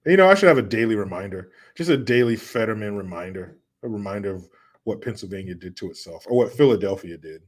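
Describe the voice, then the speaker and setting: A man's voice: fairly low pitch, lively intonation, fairly quick. A man hosting a casual livestream, reading viewer comments aloud and ranting with profanity and sarcasm. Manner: profane, sarcastic, mocking impressions. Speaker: livestream host reading chat.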